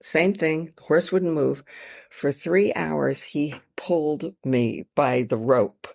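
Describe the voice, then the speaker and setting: A woman author, a guest on a podcast, telling her travel stories in an animated, self-mocking way. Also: sits low, slow pace, gravelly. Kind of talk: storytelling in a podcast interview.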